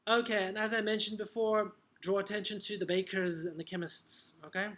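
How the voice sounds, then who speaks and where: A man's voice: high-pitched, little pitch movement, fairly quick, fairly bright tone. A man, an English teacher trainer, explaining classroom methods in a chatty tutorial, often checking in with "okay?" and punchy asides.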